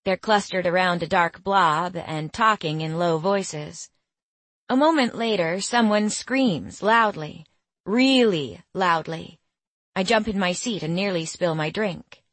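A young woman reads a first-person story with measured, quietly bemused delivery. Her pace is very slow and her pitch sits a little low. The recording is dry and close, like a studio booth. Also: dry recording. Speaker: audiobook narrator. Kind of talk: first-person scripted narration.

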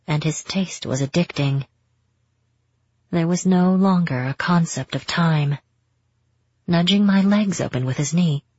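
Husky low-voiced woman narrator. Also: no echo. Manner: steady, intimate storytelling. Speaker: audiobook narrator. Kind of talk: first-person romance narration. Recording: dull, muffled audio.

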